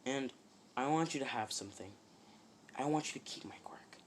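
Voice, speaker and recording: Aging hero mentor, man's put-on voice, low, quiet, grave. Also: expressive, normal speed, slight background noise, close to an everyday voice. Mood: solemn. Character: aging male hero mentor, solemn and weary.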